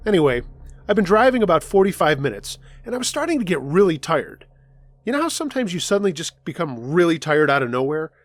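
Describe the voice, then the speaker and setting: A man narrating first-person scary road stories in a scripted storytelling style, dropping his voice low for tense moments. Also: big pitch swings, fast, dry recording. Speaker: storyteller reading listener stories. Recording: faint music underneath.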